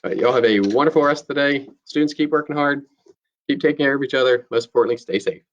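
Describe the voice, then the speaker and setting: A man, a teacher, reading a novel aloud to his students in a steady, plain storytelling manner. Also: medium pitch, fast, lo-fi sound.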